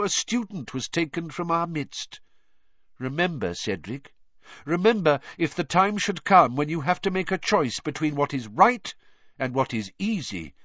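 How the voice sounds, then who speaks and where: A man's voice: medium pitch, a bit bright, dry recording, lo-fi sound, voice pushed up. A man voicing a solemn old headmaster. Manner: solemn, measured speech. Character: old wise male headmaster, grave and solemn.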